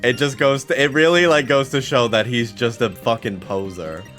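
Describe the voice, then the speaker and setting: A young adult man chatting excitedly while streaming a video game, laughing often and swearing casually. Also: mid-range voice, normal speed, soft background music. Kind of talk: casual let's-play commentary.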